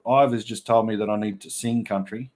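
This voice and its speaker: A man's voice: fairly low pitch, steady tone, fairly quick, a little mellow. An Australian man with an Australian accent hosting a livestream, chatting casually in rambling, joking banter. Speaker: livestream host.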